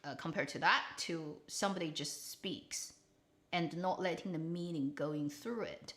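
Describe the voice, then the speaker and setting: Blunt, animated woman drama reviewer. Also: deep voice, measured pace. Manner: opinionated, blunt, animated critique. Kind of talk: casual commentary livestream.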